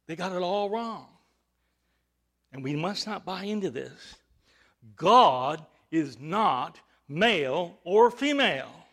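Slow, high-voiced preaching man. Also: lively intonation, fairly bright tone. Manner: emphatic, with rising bursts of volume and rhetorical questions. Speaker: pastor. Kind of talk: sermon.

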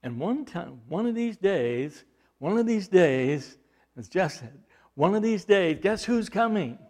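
A man preaching a sermon, asking the congregation rhetorical questions and swinging from loud emphasis to hushed, low delivery. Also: very animated, unhurried. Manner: repeats words and restarts, rhetorical questions. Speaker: pastor.

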